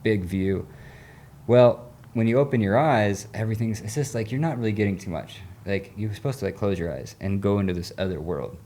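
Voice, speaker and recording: A man guesting on an interview podcast as a recovery coach, his voice low and mellow. He talks in an earnest, rambling way, dropping casual slang as he tells a personal story. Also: brisk.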